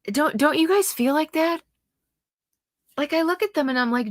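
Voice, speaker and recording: A woman's voice: high voice, normal speed, long pauses, no echo, clean studio sound. A middle-aged woman hosting a livestream, talking passionately and indignantly, reacting to her viewers' comments. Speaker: host.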